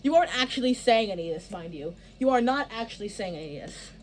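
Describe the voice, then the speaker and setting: A woman's voice: mid-range voice, animated, quick pace, a little hiss or hum. A woman director walking actors through stage blocking in a casual, rambling way, full of fillers and restarts. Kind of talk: casual rehearsal instructions.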